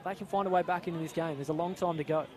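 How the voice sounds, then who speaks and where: A man's voice: a little high, fairly even intonation, racing, darkish tone. A man with an Australian accent giving chatty live football analysis, with some hesitant restarts. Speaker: expert commentator. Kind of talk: live sports commentary.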